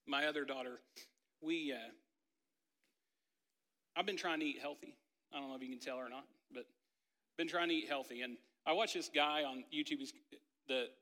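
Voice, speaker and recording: A pastor in his thirties delivers a conversational sermon in a bright, forceful, medium-pitched voice. He tells a family story peppered with "like" and "right?", and long hall reverb surrounds the recording.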